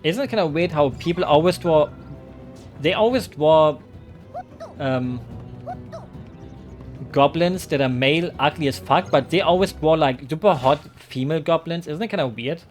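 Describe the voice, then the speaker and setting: A man's voice: a little high, normal speed, pauses often, faint music behind. A man streaming a game, chatting loosely with his chat, joking and rambling with lots of "like" and "you know". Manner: rambling, joking, many fillers.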